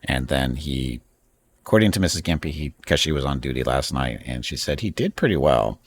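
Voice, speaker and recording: A man's voice: extremely low pitch, lively intonation, brisk, slight background noise. A man hosting a casual live stream from home, rambling and chatting with frequent laughs. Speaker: streamer host.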